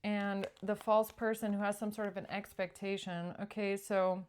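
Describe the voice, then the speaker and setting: A woman's voice: mid-range voice, level tone, moderate pace, a little mellow, smooth. A woman doing a casual tarot reading, chatty and acting out pleading quotes along the way. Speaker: tarot reader.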